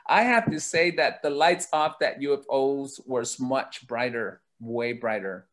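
A man telling a story as an interview guest, lively and laughing as he goes. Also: medium pitch, measured pace. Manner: lively, laughs while telling, acts out quoted voices. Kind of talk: animated storytelling.

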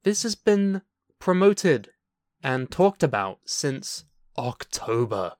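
Man, podcast co-host, smooth voice, dry close sound, teasing, sarcastic. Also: medium pitch, big pitch swings, slow, a little mellow, no echo. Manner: teasing, sarcastic, swears freely. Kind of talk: casual comedic wrestling news chat.

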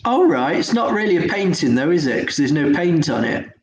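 A man's voice: fairly high pitch, big pitch swings, fairly quick. A man co-hosting a podcast, teasing and laughing often in a casual chat. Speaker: podcast co-host. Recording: echoey room, faint noise.

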